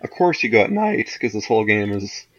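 A man in casual chat about a video game, speaking in a relaxed, halting way. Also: on the low side, highs cut off, a crowd in the background. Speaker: podcast co-host discussing a video game.

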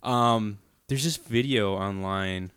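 A young man in casual chat, relaxed and rambling with many filler words. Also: on the low side, takes it slowly, clean tone, no room sound.

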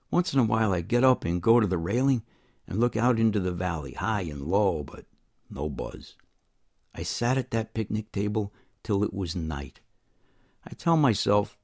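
Animated gravelly male storyteller. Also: on the low side. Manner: animated, acts out quoted voices. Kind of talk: first-person storytelling.

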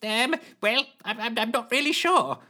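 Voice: mid-range voice, animated, moderate pace, sharp tone, voice pushed up. A narrator voicing a flustered, fussy male rocket captain who stammers through ums and uhs.

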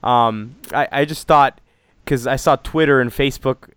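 A man's voice: mid-range voice, normal speed, a bit bright, clean tone, no room sound. A young adult man co-hosting a podcast, talking politics in a rambling, sarcastic way and laughing often. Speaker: podcast co-host. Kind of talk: casual political chat.

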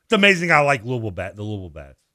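A man's voice: medium pitch, rapid-fire, no echo, studio quality. A man, co-hosting a sports radio show and telling stories in casual chat, acting out the voices with laughs. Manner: animated storyteller, acts out voices and laughs.

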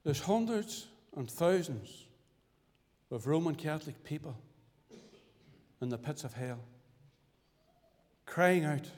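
Middle-aged man, lay preacher, pleading gospel testimony, pitched slightly high, long hall reverb. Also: expressive, a little mellow. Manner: earnest, pleading, with dramatic pauses. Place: church fellowship hall.

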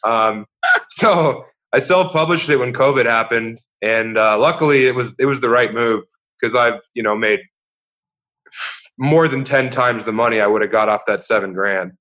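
Male guest comedian, easygoing storyteller, bright tone, muffled lo-fi recording. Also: medium pitch, normal speed. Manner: easygoing anecdotes, chuckling as he talks. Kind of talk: casual chat.

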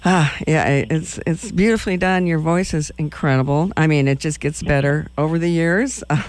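A man's voice: a little high, moderate pace, no echo. A man hosting a radio interview, sounding enthusiastic about the guest and laughing often. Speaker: radio host.

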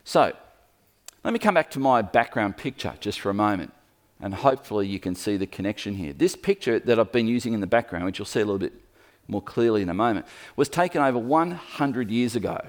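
Animated male preacher telling a story. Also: fairly low pitch, brisk. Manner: lively storytelling, acts out quoted voices; speaks to the room, pointing at a map. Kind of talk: sermon.

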